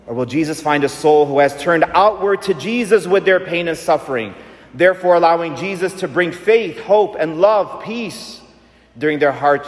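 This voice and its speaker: A male pastor preaching a sermon, emphatic and repetitive, leading the congregation in call-and-response. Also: high voice. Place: large church. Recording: echoey church hall.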